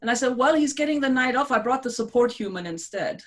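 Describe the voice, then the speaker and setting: A woman's voice: a little high, lively intonation, quick pace. Blunt, laughing woman guest. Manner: straightforward, blunt, laughs a lot. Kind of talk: casual chat.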